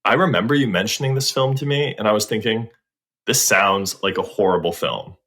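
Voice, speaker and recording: Bright, slangy male podcast co-host. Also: on the low side, brisk. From United States. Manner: slangy and laid-back. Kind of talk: casual comedic chat.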